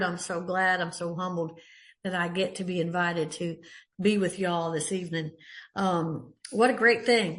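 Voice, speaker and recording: A woman's voice: mid-range voice, fairly bright tone. Folksy older Texan woman sharing. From Texas. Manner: folksy, chatty, lots of fillers and restarts. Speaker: recovery meeting speaker. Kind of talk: personal share at a meeting.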